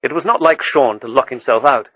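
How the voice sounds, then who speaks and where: A man reading an audiobook with steady, measured storytelling. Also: mid-range voice, husky, no room sound, highs cut off. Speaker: audiobook narrator. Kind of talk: scripted audiobook narration.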